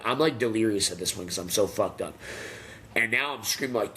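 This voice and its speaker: A young professional fighter, speaking in a mid-range voice at a quick clip, tells stories from his career during a casual interview. He's animated and profane, swearing freely and acting out the voices of the people he quotes.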